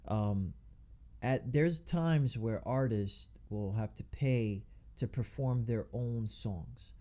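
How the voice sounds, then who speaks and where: A man's voice: on the low side, slow pace, warm tone. A man hosting a casual radio interview, talking loosely with slang, frequent laughs and restarted sentences. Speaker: radio show host.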